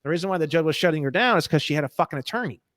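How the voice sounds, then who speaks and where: A man in a casual interview, talking in an animated, profane, ranting way. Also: on the high side, very fast, no room sound. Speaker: guest.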